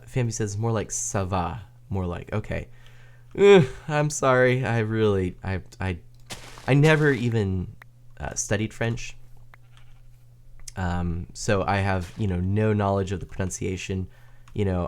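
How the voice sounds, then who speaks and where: A man streaming a building game, chatting casually with viewers, chatty and self-deprecating, laughing often. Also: fairly low pitch. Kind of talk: casual gaming stream chat.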